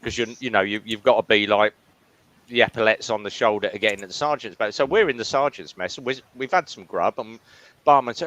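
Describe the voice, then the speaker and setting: A man's voice: lowish voice, fairly quick, a bit bright, dry recording, poor audio. A man telling a funny army anecdote in a casual chat, breaking into laughter.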